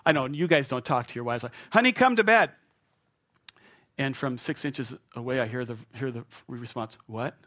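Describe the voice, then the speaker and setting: A middle-aged male pastor tells a personal story from the pulpit. He is animated and self-mocking, and he keeps chuckling at himself. His voice is of middle pitch. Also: fairly quick, few pauses. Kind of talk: storytelling sermon.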